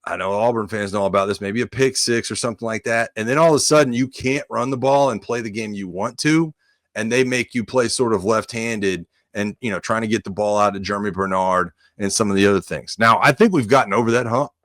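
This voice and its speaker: Animated male storyteller, dry sound. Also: fairly low pitch, a little fast, no echo. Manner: animated storyteller, acts out quotes, says "dude" often. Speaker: former college offensive lineman, podcast co-host. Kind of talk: casual sports podcast chat.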